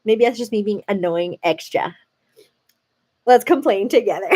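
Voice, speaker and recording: A woman's voice: mid-range voice, normal speed, pauses often, warm tone. A young American woman hosting a livestream, chatting casually with viewers and saying "like" and "girl" constantly. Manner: chatty, says "like" and "girl" a lot. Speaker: livestream host. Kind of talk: casual chat with live viewers.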